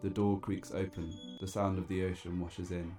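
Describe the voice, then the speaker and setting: A man narrating a dark, absurd spoken-word story in a deadpan, wry and theatrical way. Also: sits low, normal speed, soft background music.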